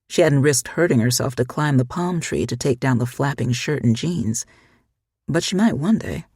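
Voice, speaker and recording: Husky audiobook narrator. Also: medium pitch, a little mellow, no echo, studio quality. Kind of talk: scripted narration.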